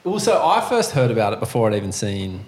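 A relaxed man with a slightly low voice chats about surfing. He asks easy questions and backs up the storyteller with quick remarks. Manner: relaxed, drops short agreeing comments. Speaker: interviewer. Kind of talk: casual chat.

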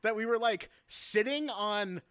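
A man co-hosting a music podcast, telling stories quickly in casual chat. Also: high voice, pushed and bright, smooth, no echo, studio quality. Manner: quick, chatty storytelling. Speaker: podcast co-host.

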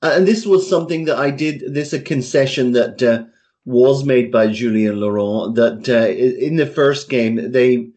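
A man hosting a podcast, asking his co-hosts questions about football in a halting way. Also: mid-range voice, darkish tone. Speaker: podcast host. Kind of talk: casual football chat.

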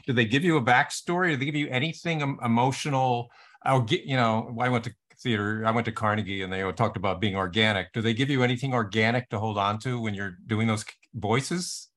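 Male podcast host, hesitant and searching, mid-pitched, casual interview. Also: brisk, a bit bright. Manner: hesitant, searching questions with restarts.

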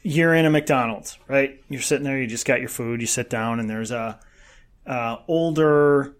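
A man's voice: medium pitch, moderate pace. A man in casual chat, making wry, teasing jokes and setting up scenarios.

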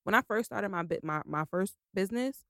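A woman's voice: mid-range voice, lively intonation, a little fast, creaky, a bit bright, no echo, clean studio sound. A woman co-hosting a casual podcast chat, blunt and emphatic, swearing freely and repeating points for emphasis. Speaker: podcast co-host.

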